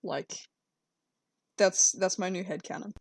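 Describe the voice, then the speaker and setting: A woman's voice: on the low side, unhurried, creaky, darkish tone. A young woman chatting casually as she draws on stream, rambling and giggling and talking to her cats. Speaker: streamer drawing fan art. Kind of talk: casual chat while drawing.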